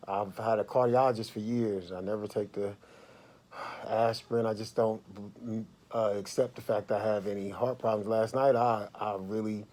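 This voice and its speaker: A man vlogging from a hospital bed, telling a casual, animated story to his viewers. His voice swings from low murmurs to loud outbursts. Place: hospital room.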